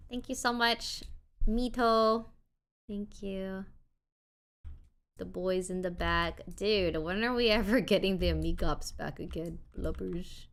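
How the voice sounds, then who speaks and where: A woman live streamer chatting casually, excitable and swinging between loud outbursts and quiet mumbles, grateful and playfully defensive. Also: mid-range voice. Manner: playfully defensive toward chat; warm and grateful, thanking people one after another.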